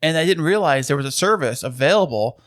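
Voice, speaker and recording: A man's voice: a little high, animated, fast talker, dry recording, studio quality. A man co-hosting a podcast in casual chat, upbeat and chatty, explaining things at length. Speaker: podcast co-host.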